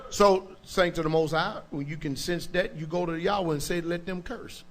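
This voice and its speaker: A pastor preaching with emphasis, his voice sitting slightly high for a man. He talks in plain colloquial speech and keeps asking the congregation whether they follow him. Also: normal speed. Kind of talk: preaching sermon.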